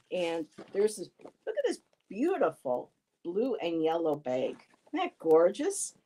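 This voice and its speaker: Brief: woman vlogger, low and mellow, loose rambling chat with many fillers. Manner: rambling storytelling, many ums, reads chat aloud. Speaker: tarot and oracle card vlogger. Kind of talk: casual chat to viewers.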